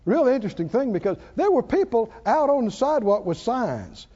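An older man preaching with a high voice that swoops up and down. His tone is mellow and warm. He tells stories, laughs often and calls out for the congregation to respond, all on a dull, lo-fi church recording. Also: sing-song, brisk, breathy edge. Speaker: pastor. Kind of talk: sermon.

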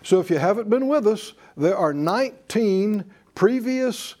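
Slow, deep-toned older preacher. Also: male voice, lively intonation, a little mellow. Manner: folksy, chuckling, rhetorical questions. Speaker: preacher and teacher. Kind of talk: sermon-style Bible class.

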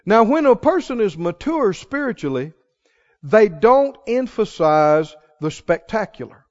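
A man preaching a passionate sermon, pressing his listeners with rhetorical questions and swinging from hushed tones to loud ones. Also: high-pitched, sing-song, a little slow. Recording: reverberant hall, muffled sound.

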